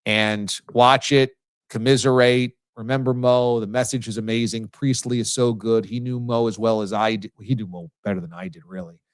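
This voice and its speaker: A man's voice: mid-range voice, steady tone, moderate pace, clear, resonant tone, no echo. A man hosting a live sports talk stream in a loose, joking way, reading out viewer comments. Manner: jokey, reads viewer comments aloud. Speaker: show host.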